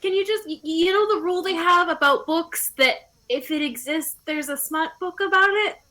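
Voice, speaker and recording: High, bright-voiced woman player. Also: normal speed. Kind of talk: in-character role-play.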